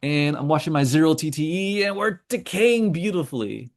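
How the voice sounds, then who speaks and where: A man's voice: fairly high pitch, expressive, normal speed. A man hosting a casual trading call, rambling through charts with joking asides and lots of fillers. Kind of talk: casual screen-share commentary.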